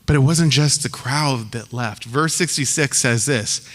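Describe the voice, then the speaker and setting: In a church sanctuary with long hall reverb, a pastor preaches in a mid-range, fairly bright voice at a measured pace. His delivery is conversational and full of slang, and he acts out the voices of the people he quotes.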